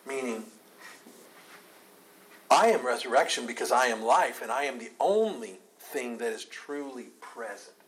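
A pastor leading a Bible study, talking earnestly, asking rhetorical questions and repeating key phrases. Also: male voice, medium pitch, animated, measured pace, poor audio.

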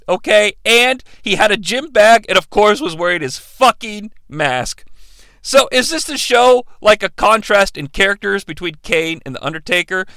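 A man's voice: high-pitched, pushed and bright, no room sound. A man hosting a podcast who recaps old wrestling matches in a casual, profane and sarcastic way. He speaks into a close studio mic. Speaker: podcast host.

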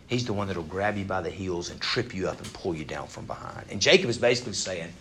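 A man with a somewhat low voice preaches a sermon in a conversational way, as if talking straight to the congregation. He swings from loud, pressing emphasis to hushed, nearly whispered asides. A faint hum of room ambience sits underneath. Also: quick pace. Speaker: pastor.

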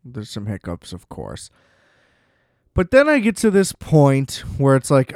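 A man's voice: mid-range voice, very animated, unhurried, a little mellow, dry recording, studio quality. A young man chatting casually on his own, rambling, swearing freely and laughing often. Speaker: solo vlogger. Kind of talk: casual chat.

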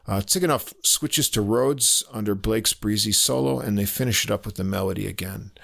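A man giving a casual spoken review of a jazz album, halting with many fillers and little chuckles. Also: on the low side, creaky, fairly bright tone.

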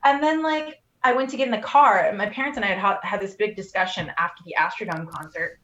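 A woman's voice: medium pitch, quick pace, bright, forceful tone, slight background noise. A woman co-hosting a podcast, telling a personal story in casual chat with lots of fillers. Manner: emotional storytelling, many fillers. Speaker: podcast co-host. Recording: roomy, dull lo-fi sound.

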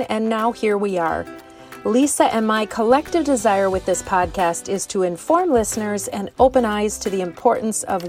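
A woman co-host reading a prepared segment in a scripted, even delivery. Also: mid-range voice. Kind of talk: scripted podcast segment read.

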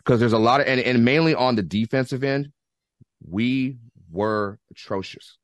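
A man with an American accent talking football on a casual podcast, animated and rambling, with many restarts and slangy outbursts. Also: mid-range voice, normal speed, no echo, highs cut off. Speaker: guest football fan.

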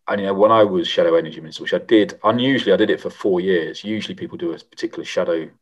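A middle-aged man, a former member of parliament, answering interview questions in a measured, reflective way with frequent pauses and restarts. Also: low-pitched, highs cut off. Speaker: former MP, guest.

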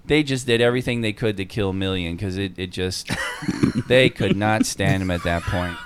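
A man's voice: low-pitched, moderate pace, clean tone. A man telling, in a casual chat, how the players in his tabletop game behaved, with laughter and swearing. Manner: animated, laughing, profane.

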